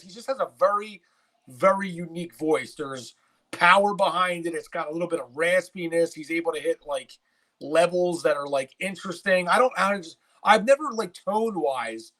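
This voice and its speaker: Hesitant man with a higher voice. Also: fairly bright tone. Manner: hesitant, full of fillers and restarts. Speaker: reaction channel host. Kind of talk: casual chat.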